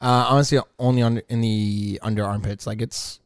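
A man's voice: lowish voice, steady tone, moderate pace, clean tone, no room sound. Young male podcast host, jokey casual chat, dry close mic. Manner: joking, laughs often.

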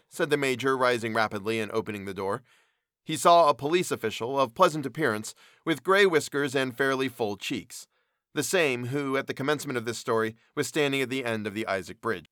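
Male narrator, bright tone, dry close recording, expressive storybook read. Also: medium pitch, fairly quick, no room sound. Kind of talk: storybook reading.

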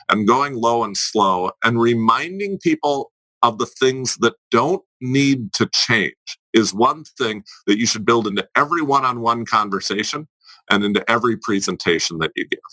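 A man coaching his listeners as a podcast guest, with a bright, forceful tone. He talks deliberately and leans on repeated phrases for emphasis. The sound is dry and close. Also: medium pitch, no room sound, poor audio. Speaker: presentation coach.

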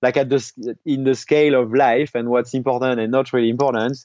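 A man guest on an interview, a pro mountain biker, telling stories in a lively casual way and laughing often. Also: medium pitch, fast, dry recording. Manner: animated storyteller, laughs often. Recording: slightly dull lo-fi sound.

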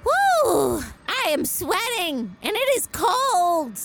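Very high-voiced bubbly woman player. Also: normal speed, background noise. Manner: bubbly, excitable. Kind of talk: casual game play.

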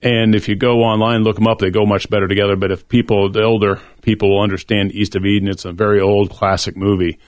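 A man's voice: on the low side, level tone, fast, hardly any pauses, no room sound. A middle-aged man talking earnestly and reflectively on a faith-based discussion show.

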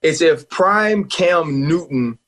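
A man with a husky, slightly high voice talks sports on a radio show. He is emphatic and animated and laughs often. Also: slow pace. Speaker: guest analyst, former player.

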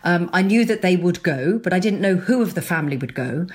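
A middle-aged woman novelist speaking as a guest in a casual interview. Her voice sits on the lower side, and she talks in an animated, tumbling way, often restarting her sentences and breaking into laughter. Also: fairly quick.

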